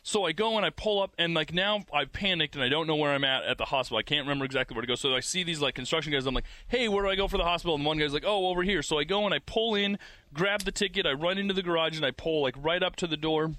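A man telling a dramatic personal story in casual conversation, acting out the quotes in an animated way. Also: a little high, fast, no echo. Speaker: guest telling a birth story.

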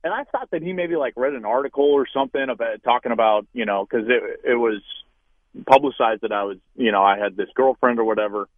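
Man, thirties, ex-quarterback guest, animated storyteller, thin phone-like sound, dry. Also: medium pitch, fast, dry recording. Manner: animated storyteller, acts out quoted voices loudly. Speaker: guest, former college quarterback. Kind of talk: storytelling in an interview. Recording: tinny phone-like line, dry.

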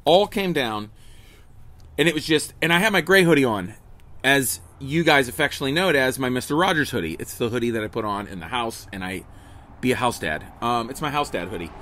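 Speaking fairly quickly in an expressive, medium-pitched voice with a fairly bright tone, this middle-aged man is a comedian running a daily livestream. Seated outdoors at a table next to a house, he's captured on a phone camera as he jokes around with viewers in a rambling way, full of restarts and asides.

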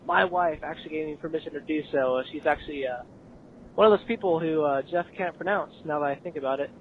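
A higher-pitched man leaves a friendly voicemail that rambles along, thick with ums and uhs. The sound is squeezed and tinny, as if played back through a phone line, with a faint rumble behind it. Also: fast talker. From Texas. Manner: rambling, friendly, uses lots of fillers. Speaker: listener leaving a voicemail. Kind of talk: casual voicemail message.

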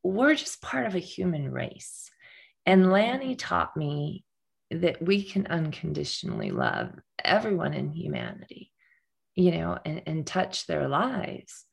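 Brief: middle-aged woman guest, low gravelly voice, earnest storyteller who stumbles and repeats. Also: wildly swooping pitch, unhurried. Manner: earnest, frequent restarts and repetitions. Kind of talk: personal storytelling in conversation.

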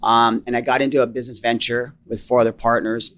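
Fast-talking middle-aged man telling stories. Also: mid-range voice, level tone, fairly bright tone. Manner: earnest, fast-paced storytelling that acts out dialogue. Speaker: interview guest, fitness business owner. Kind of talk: storytelling in a casual interview.

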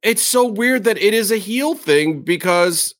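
A man's voice: high-pitched, a little slow. Emphatic man on a wrestling podcast. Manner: animated, emphatic, repeats words. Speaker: podcast co-host. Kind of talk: casual wrestling podcast chat.

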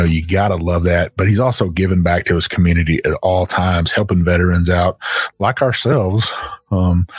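A man's voice: sits low, breathy edge, no echo. A man with a Southern US accent, co-hosting a podcast in a folksy, rambling way with plenty of fillers. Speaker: podcast co-host. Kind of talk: casual chat.

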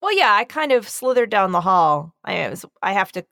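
Bright, wry woman cohosting a podcast. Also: medium pitch, big pitch swings, moderate pace, gravelly, no echo, studio quality. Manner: wry, chatty, theatrical. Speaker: podcast co-host. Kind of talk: casual chat.

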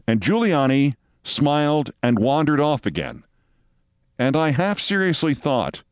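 A man's voice: medium pitch, very animated, unhurried, smooth, no echo. A man hosting a show, telling a long story in a wry, theatrical monologue from a studio. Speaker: host.

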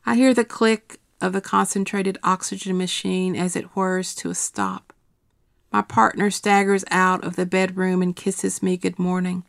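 A middle-aged woman reading her personal essay aloud in a quiet, measured, steady way. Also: on the low side, vocal fry, no room sound, studio quality.

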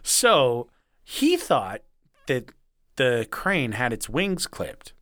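A man co-hosting a casual podcast, telling stories with lots of laughter and squeaking up into shrill voices when he quotes people. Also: wildly swooping pitch, very slow, pushed and bright, no echo. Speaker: podcast co-host. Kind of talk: casual storytelling chat.

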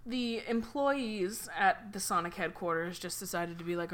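A woman's voice: mid-range voice, normal speed, a bit bright. A woman co-hosting a podcast, casually building a comic story with playful, dry asides. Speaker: podcast co-host. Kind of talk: comedic improvised storytelling.

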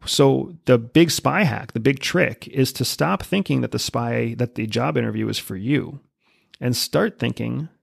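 A man's voice: mid-range voice, a little slow, gravelly, slightly rough, dry recording, studio quality. A man who is a podcast guest, explaining things confidently in casual interview talk. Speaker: podcast guest, former spy.

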